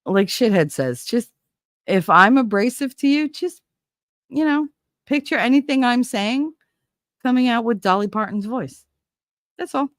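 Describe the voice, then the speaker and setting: A woman's voice: on the high side, expressive, measured pace, long pauses, dry recording, studio quality. A woman hosting a casual livestream, chatting and joking while reading viewer comments, her voice nasal from a stuffy nose. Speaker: host.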